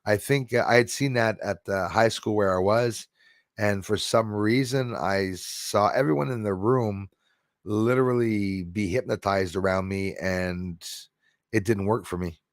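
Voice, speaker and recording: A man's voice: on the low side, steady tone, measured pace, no echo, clean studio sound. Rambling Quebecois man hosting a live stream. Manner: rambling, reads out and answers viewer comments. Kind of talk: casual live stream chat.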